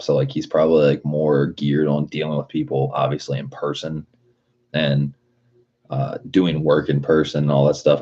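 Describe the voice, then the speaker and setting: Very deep husky man ranting casually. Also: darkish tone, highs cut off. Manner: profane, rambling, lots of "like". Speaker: livestreamer reading chat. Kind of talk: casual livestream rant.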